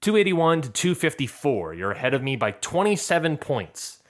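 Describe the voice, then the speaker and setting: A man's voice: on the high side, sing-song, moderate pace. A man co-hosting a podcast in casual chat, teasing and joking with his co-host. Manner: teasing, playful banter.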